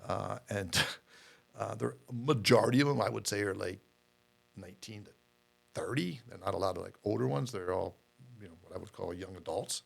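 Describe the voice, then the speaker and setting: A man's voice: on the low side, moderate pace, gravelly. A middle-aged man, a podcast guest, telling his story in a candid, rambling way with many fillers and repeated words.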